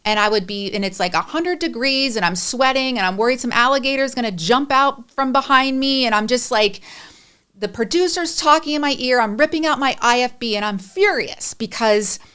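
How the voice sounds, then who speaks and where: A woman's voice: fairly high pitch, expressive, normal speed, sharp tone, clean tone. A middle-aged woman speaking candidly and emotionally as a podcast guest, rambling through personal stories.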